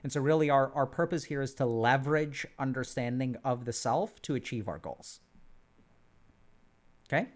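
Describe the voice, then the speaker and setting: A man's voice: medium pitch, moderate pace, long pauses. A man facilitating an online group session, talking casually with many fillers and restarts.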